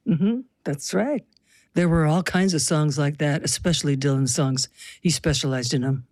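A woman's voice: low voice, normal speed, a little mellow, no room sound, studio quality. An older woman from the US Pacific Northwest, a musician guest telling stories in an interview with a wry, reflective manner. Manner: reflective, wry storytelling with laughs. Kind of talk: interview conversation.

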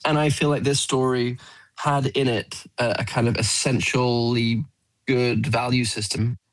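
A man, a film actor, answering interview questions in an earnest, animated way, often restarting phrases. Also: medium pitch, unhurried, no echo, low-quality recording. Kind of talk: radio interview. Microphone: studio mic.

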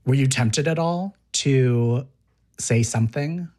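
A man's voice: mid-range voice, slow pace, a little mellow. Curious male interviewer asking follow-ups. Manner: curious, probing follow-up questions. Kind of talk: casual interview.

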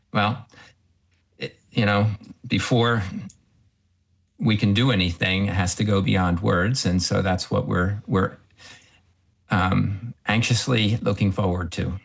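A man's voice: lowish voice, steady tone, slow pace, vocal fry, pauses often, slightly rough. A man, a professor guest on a radio interview, talking hesitantly with many ums and restarts.

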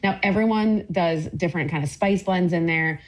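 Chatty, enthusiastic woman, lowish voice. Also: normal speed. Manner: enthusiastic, rambling with many fillers. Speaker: cookbook author guest. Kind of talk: casual interview chat.

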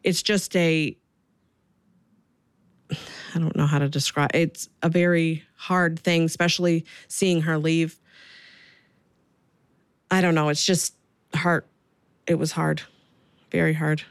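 A young woman and new mother recalling her birth in an interview, halting and repeating herself. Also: sits low, flat delivery, clear, resonant tone, dry recording. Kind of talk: interview recollection.

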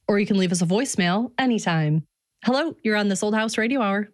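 A woman's voice: mid-range voice, quick pace, soft background music. Woman hosting a call-in radio show.

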